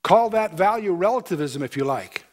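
High-voiced man teaching the Bible. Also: lively intonation, normal speed. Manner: reads scripture aloud, then adds pointed commentary. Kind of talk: verse-by-verse Bible lecture.

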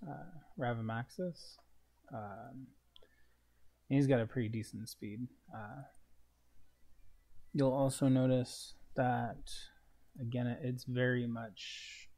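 Gaming host, male, mid-pitched, warm mellow tone, loose rambling let's-play commentary full of "um"s. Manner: relaxed, rambling, many fillers.

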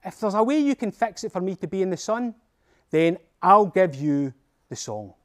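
A vain, haughty ghost woman, voiced by a Scottish man shrills high and boastful, sure of her own brilliance. She is a storybook spectre who only comes out at night. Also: sing-song, moderate pace. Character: vain shrieking female ghost, the grey lady.

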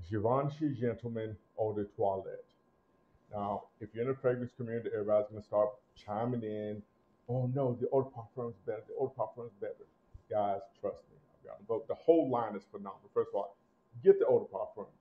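Male host, low voice, punchy delivery, slightly dull lo-fi sound, casual review. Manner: animated, emphatic, swings between loud punches and low asides.

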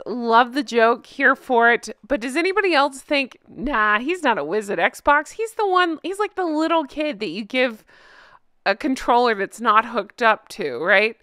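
A woman's voice: on the high side, a bit bright, dry recording, clean studio sound. A woman co-hosting a casual commentary show, reading out social media posts and reacting with amusement. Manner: amused, laughing often. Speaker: co-host.

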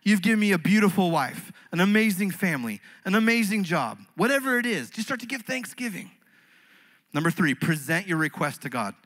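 High-voiced fervent male pastor preaching. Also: big pitch swings, brisk, rough recording. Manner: earnest, swings between fervent rises and quiet intimate passages. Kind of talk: sermon. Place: church stage.

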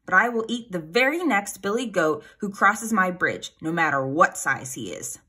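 A woman voicing a greedy, dim-witted male troll who lives under a bridge, snarling and loud. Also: lowish voice, sing-song, moderate pace, husky, exaggerated voice.

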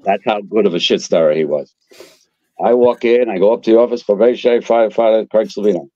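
Low, gravelly New man telling stories. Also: brisk, no echo, dull audio. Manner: animated, profane, acts out quotes. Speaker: guest, fire captain. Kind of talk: casual storytelling.

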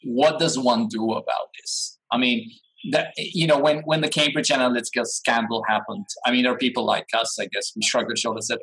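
A man's voice: mid-range voice, steady tone, brisk, a bit bright, slightly rough, rough recording. A man who teaches new media, speaking hesitantly, repeating words as he thinks aloud. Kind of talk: conversational discussion.

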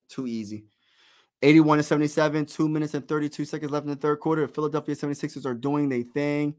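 Excited fan host calling a basketball game. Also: male voice, a little high, fast talker. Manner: excited partisan, slangy, talks to chat. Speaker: livestream play-by-play host. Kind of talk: casual live fan play-by-play.

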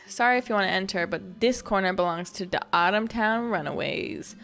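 A woman voicing a gruff, proud runaway villager from a cozy game in a rough put-on accent. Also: medium pitch, normal speed, fairly bright tone, lightly acted.

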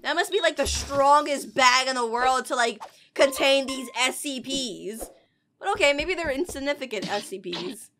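A woman giving excitable, chatty reaction commentary while watching an animation. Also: sits high, normal speed, background noise. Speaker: reaction video host.

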